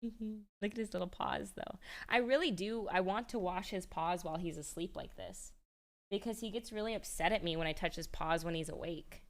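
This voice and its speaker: This woman livestreamer has a lowish voice and talks at a normal speed. Her casual chat rambles, she restarts often, and she laughs easily.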